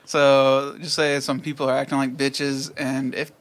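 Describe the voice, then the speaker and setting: A man's voice: medium pitch, level tone, a little slow, fairly bright tone. A man co-hosting a podcast, venting bluntly about work with heavy swearing. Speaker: podcast co-host. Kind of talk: casual chat.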